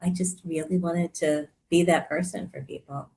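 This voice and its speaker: A woman in her sixties, a therapist and coach, chatting as a guest and telling her story with animated warmth and frequent laughter. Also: lowish voice, moderate pace, a little hiss or hum. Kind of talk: casual conversational interview.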